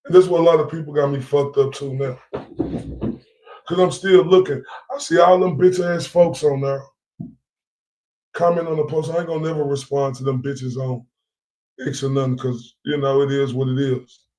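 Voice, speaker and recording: A man's voice: mid-range voice, steady tone, moderate pace, darkish tone. Heated, profane man in echoey room. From Dallas area. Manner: heated, profane, repeats himself, asks "right?". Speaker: vlogger. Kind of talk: angry monologue to followers.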